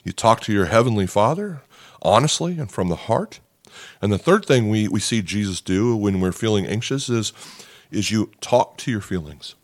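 A man's voice: fairly low pitch, expressive, moderate pace, dry recording, studio quality. A man preaching a sermon in an earnest, conversational way, often repeating words and checking in with "okay?". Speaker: pastor. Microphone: podcast microphone.

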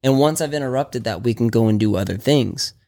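A man's voice: medium pitch, a little fast, warm tone. A man chatting casually as a dog trainer on a podcast, loose and rambling with many restarts. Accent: Texan.

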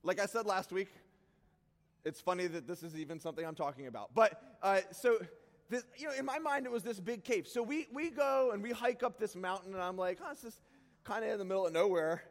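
Animated, self-mocking male pastor with a high voice; sermon story in a hall with long reverb. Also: brisk. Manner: animated, self-deprecating, bursts into shouts.

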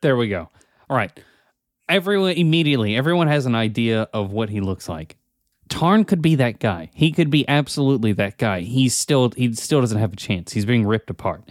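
A man's voice: medium pitch, animated, moderate pace, no echo. Emphatic male podcast co-host, dry sound. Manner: emphatic explaining, addresses co-host by name. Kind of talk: casual chat.

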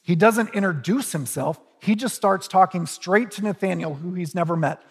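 High-voiced husky male preacher. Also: moderate pace, big-room sound. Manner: conversational storytelling with humorous asides. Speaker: pastor. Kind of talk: sermon.

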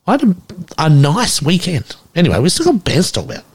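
Lively Aussie male host, young, sweary storyteller. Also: a little high, fast, husky. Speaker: podcast co-host. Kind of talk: casual chat.

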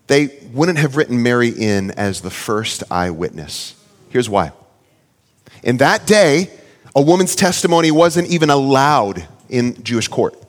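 In a big hall that leaves his words echoing with a long reverb, a pastor in his thirties preaches earnestly. His somewhat high voice swings widely in pitch, and he grows animated when he quotes his child.

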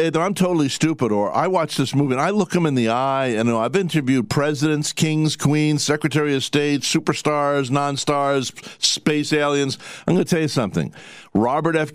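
A man's voice: medium pitch, normal speed, clear, resonant tone, no room sound. Older man, radio talk host, folksy and rambling, dry close studio sound. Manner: chatty, folksy, rambling with laughs. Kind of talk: casual radio interview chat.

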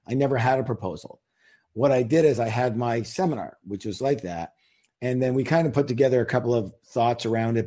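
A man's voice: medium pitch, warm tone. A man, an author, talking as an interview guest in a casual, emphatic, salesy way, firing rhetorical questions at listeners.

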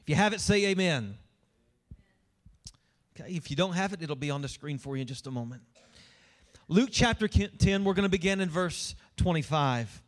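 A man with a high voice preaching in a church, reading scripture aloud before explaining it. His delivery is emphatic, pressing key words home for the congregation. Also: expressive, moderate pace, long pauses. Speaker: pastor. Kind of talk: sermon.

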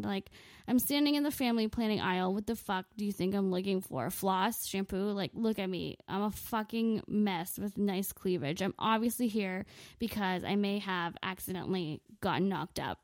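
Woman, 20s, comic storytelling, profane, sarcastic, self-mocking, mid-pitched, dry close sound. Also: normal speed, dry recording. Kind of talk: comedic storytelling monologue.

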